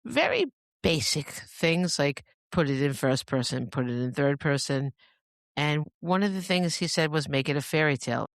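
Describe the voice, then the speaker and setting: A woman's voice: low-pitched, no room sound, clean studio sound. A woman hosting a podcast in a rambling, chatty monologue, often breaking into laughter. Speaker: podcast host. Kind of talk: casual monologue.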